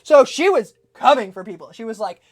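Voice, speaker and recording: A woman's voice: a little high, a little fast, dry recording, studio quality. A woman hosting a casual podcast, telling a story with lots of swearing and sarcasm. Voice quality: profane, sarcastic, animated storyteller. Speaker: podcast host. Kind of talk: casual chat.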